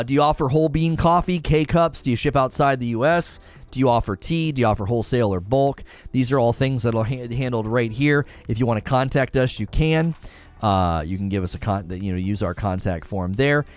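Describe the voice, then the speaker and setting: Rambling through a live stream, this man reads out the chat and keeps restarting his sentences. He has a smooth, mid-range voice, and the recording has no echo.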